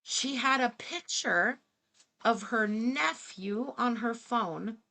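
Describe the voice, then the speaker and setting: A woman's voice: fairly high pitch, slow, gravelly, sharp tone. A woman hosting reaction commentary, talking in an incredulous, sarcastic way and swearing freely. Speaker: commentary host.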